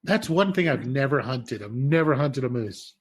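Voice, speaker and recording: A man co-hosting a podcast, telling rambling stories in a casual, profane, animated way. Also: medium pitch, normal speed, slightly rough. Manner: animated, profane, laughing storyteller. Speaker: podcast co-host. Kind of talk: casual chat, storytelling.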